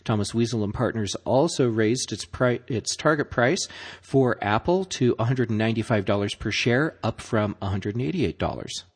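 A male podcast co-host reads tech business news in a plain, steady way. His voice has a husky edge, and his brief reactions to his co-host are dry. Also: fairly low pitch, moderate pace. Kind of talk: reading tech news headlines.

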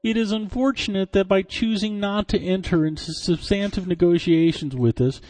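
A man's voice: sits high, moderate pace, darkish tone, pitched above the performer's own voice, natural voice, low-quality recording. A man putting on the voice of an earnest male tech executive as he reads out a formal corporate letter. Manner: reading a formal corporate letter aloud in a put-on voice.

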